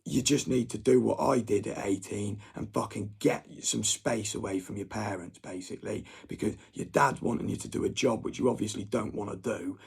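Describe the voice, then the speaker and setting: A man's voice: on the low side, creaky, slightly rough. A young adult man, ranting at viewers in a rambling, sweary monologue. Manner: agitated, sweary rant.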